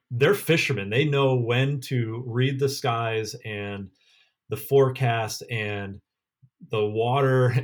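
A man co-hosting a devotional podcast, thinking aloud about a Bible passage in a loose, casual way. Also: mid-range voice. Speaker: podcast co-host. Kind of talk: conversational devotional discussion.

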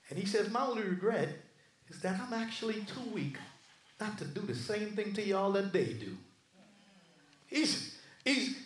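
A man preaching a sermon as pastor, swinging from shouted lines to low murmurs. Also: very animated, a little slow, long pauses, echoey room, far from the mic.

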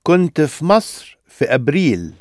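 A man's voice: on the high side, sing-song, rapid-fire, no room sound, clean studio sound. A man with an Egyptian Arabic accent, modelling phrases cleanly for learners in a language class.

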